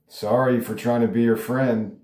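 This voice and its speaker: Easygoing actor buddy, read by the storyteller himself; mellow, lowish voice, roomy echo. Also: male voice, level tone, moderate pace, lightly acted. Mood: pleading. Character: friendly male actor posing as a gangster.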